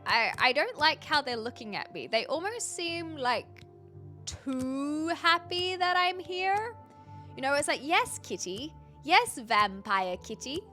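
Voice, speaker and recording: Young woman streaming a game, lots of ums, bouncy higher voice, game music going clearly behind her. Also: expressive, a little slow, sharp tone. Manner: chatty, thinking aloud, frequent fillers. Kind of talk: casual gameplay commentary.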